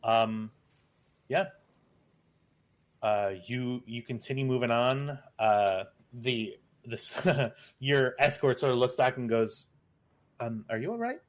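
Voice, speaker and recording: A man of middle pitch serves as game master in a tabletop session. He talks in a halting, filler-heavy way and breaks into laughter as he works out his rulings. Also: steady tone. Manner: hesitant, many fillers and restarts, laughs easily.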